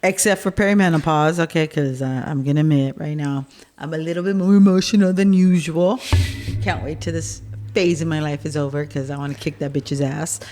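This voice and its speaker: A woman's voice: deep voice, brisk, darkish tone, faint music behind. A woman in her forties co-hosts a casual podcast chat. She talks in a blunt, teasing way and curses freely. She often breaks into laughter partway through a sentence. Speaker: podcast co-host, mother.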